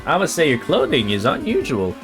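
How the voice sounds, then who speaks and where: A fussy, courteous professor, as a man puts him on talks in a raised, lively voice full of prim, old-fashioned phrasing. Game music runs underneath. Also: mid-range voice, a little fast. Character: polite, fussy, genteel male professor.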